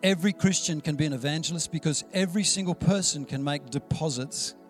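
A man preaching a sermon in an easygoing, storytelling way, voicing the people in his anecdotes. His voice sits a little high for a man. Music plays clearly behind him. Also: a little fast. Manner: conversational storytelling preacher, acts out quoted dialogue. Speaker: pastor.

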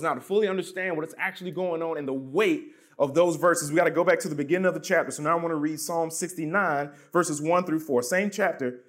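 A man preaching a sermon as pastor, reading scripture and pressing his points with emphatic drops in pitch and volume. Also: steady tone, fast talker.

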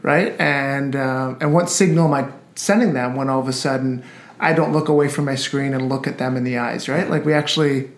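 A man's voice: mid-range voice, fairly quick. A man, a guest parent, speaking thoughtfully in a casual parenting discussion, with frequent "right?" tag questions. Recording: roomy echo.

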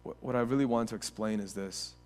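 A male pastor preaching a sermon. He moves between quiet reflection and impassioned, near-shouted passages, often repeating and restarting phrases. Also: fairly low pitch, fairly quick, faint music behind.

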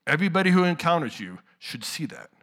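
Bright-voiced male pastor preaching. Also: very animated, fast talker. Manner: conversational preaching, swings from hushed lows to loud outbursts. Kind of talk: sermon.

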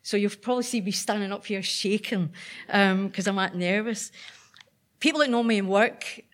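A woman's voice: mid-range voice, normal speed. A Northern Irish woman telling a true personal story on stage at a live event, chatty and self-deprecating with frequent ums.

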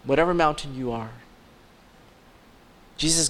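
High-voiced fervent pastor preaching. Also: male voice, animated, unhurried. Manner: fervent, with soft mocking asides. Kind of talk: sermon.

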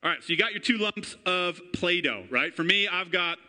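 A man in his thirties preaching a sermon to a congregation, energetic and chatty, often calling out for amens and asking the room questions. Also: high voice, moderate pace, soft background music. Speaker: pastor. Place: church before a congregation.

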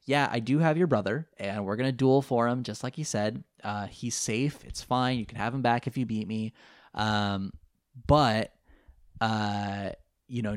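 A man's voice: fairly low pitch, no room sound, clean studio sound, natural voice. A man casually voicing a smug, scheming male villain in offhand paraphrase.

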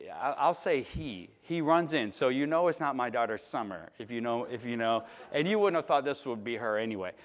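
A man in his late thirties from Chicago, preaching in a relaxed storytelling way and often asking the audience "right?" and "you know?". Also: fairly high pitch. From Chicago, United States. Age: late 30s. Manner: chatty, filler-heavy, asks the audience "right?". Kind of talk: conversational sermon storytelling.

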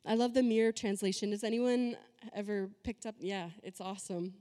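A woman's voice: medium pitch, moderate pace, dark tone, big-room sound. A woman pastor giving a conversational, emphatic sermon full of rhetorical questions.

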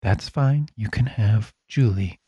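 A man acting as game master in a tabletop role-playing session, voicing the characters he runs in a calm, measured way. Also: on the low side, breathy edge, no echo, dull audio.

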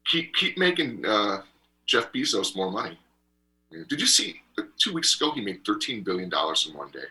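A man co-hosting a radio talk show, telling a rambling travel story in an animated way and laughing often. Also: on the low side, normal speed, husky. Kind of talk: casual chat and travel storytelling.

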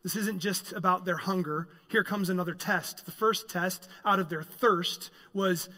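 A high, bright male voice preaching in a church sanctuary. He leans into key phrases and swells them with emphasis, and a long hall reverb trails each line. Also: measured pace, few pauses. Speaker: pastor. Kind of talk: sermon.

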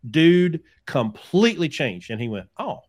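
Man telling animated trucking stories. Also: fairly low pitch, moderate pace. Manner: animated anecdote-telling, acting out quoted people. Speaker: podcast host, trucking business owner. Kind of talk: casual chat, storytelling.

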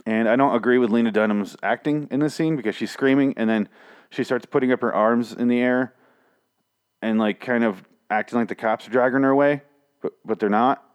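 A man's voice: medium pitch, fairly quick, clear, resonant tone. A man casually recapping a TV episode, swearing and sarcastic, rambling with lots of restarts. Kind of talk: casual spoken recap and review.

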